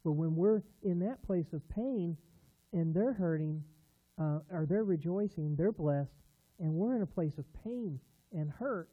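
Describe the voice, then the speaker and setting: Pastor, male, a bit high-pitched, conversational sermon storytelling, earnest with emphatic swells, tinny phone-like audio. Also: animated, a little slow. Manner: earnest, building to emphatic bursts.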